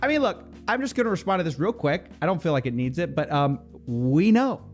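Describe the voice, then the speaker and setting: Male commentator, ironic and deadpan, soft music bed behind the voice. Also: on the high side, a little fast. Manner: dry, mocking, ironic asides. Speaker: YouTube commentator. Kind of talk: scripted online commentary video.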